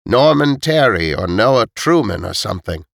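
A male narrator voicing a calm, reasonable older woman with a cane in a storybook reading. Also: fairly low pitch, normal speed, creaky, no echo.

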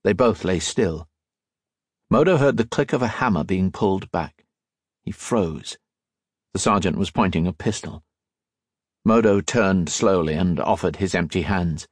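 Male audiobook narrator, low pitch, husky, measured, dry close mic. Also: no echo. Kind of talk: scripted narration.

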